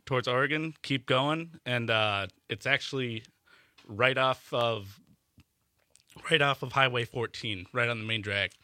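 Dude giving directions, bright voice, lots of ums, dry studio sound. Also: male voice, mid-range voice, a little slow, no echo. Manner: plain, hesitant explainer with many ums. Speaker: venue owner's representative, radio guest. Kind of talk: casual radio interview. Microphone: studio mic, dry.

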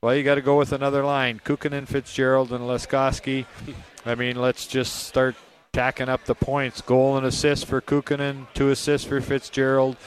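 A man giving relaxed, rambling post-game hockey analysis on radio, chuckling now and then. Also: mid-range voice, moderate pace, a little hiss or hum.

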